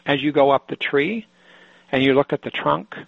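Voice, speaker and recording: Gravelly man lecturing clinicians, lo-fi. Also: fairly high pitch, moderate pace, no echo. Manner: thoughtful, explanatory, with frequent restarts. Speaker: therapy trainer lecturing clinicians. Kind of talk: lecture to a group. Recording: dull lo-fi sound.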